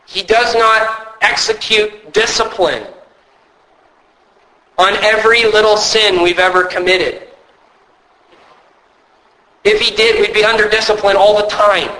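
A male pastor giving a sermon, earnest and measured, with occasional storytelling asides. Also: sits high, steady tone, sharp tone, low-quality recording.

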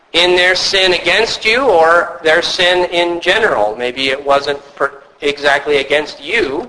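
Guy preaching a sermon, kinda high and sharp voice, earnest, tells little stories. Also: poor audio. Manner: earnest, measured preaching with storytelling asides. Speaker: pastor.

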